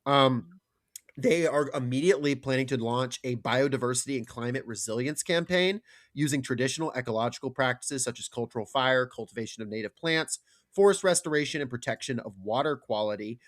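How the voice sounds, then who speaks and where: Earnest podcast host from Georgia. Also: male voice, medium pitch, brisk, no room sound, studio quality. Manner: earnest, wry, profane. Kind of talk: casual political chat.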